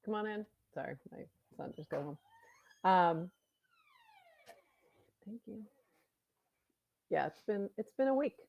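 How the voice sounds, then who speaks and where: A woman co-hosting a casual chat, giving quick upbeat recaps with laughter. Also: mid-range voice, big pitch swings, vocal fry. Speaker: co-host. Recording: dull dry home mic.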